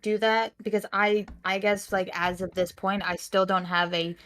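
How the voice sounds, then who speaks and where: A woman talks casually as a guest on a call, at a middling pitch. She hesitates a lot, filling gaps with "like" and starting sentences over. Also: level tone, moderate pace, fairly bright tone. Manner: hesitant, many fillers and false starts. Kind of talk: casual conversation.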